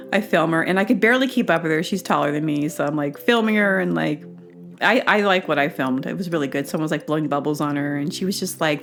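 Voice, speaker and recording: A woman hosting her own show, telling a long casual story with many fillers and restarts, acting out what people said. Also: lowish voice. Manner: acts out quoted dialogue with bursts of excited laughter. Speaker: podcast host.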